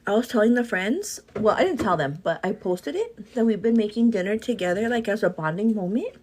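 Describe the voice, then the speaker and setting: A woman's voice: mid-range voice, lively intonation, brisk, darkish tone. A young pregnant woman from El Paso, chatting giggly and casually on her morning livestream. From El Paso, Texas. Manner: giggly, chatty, often says girl. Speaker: livestream host.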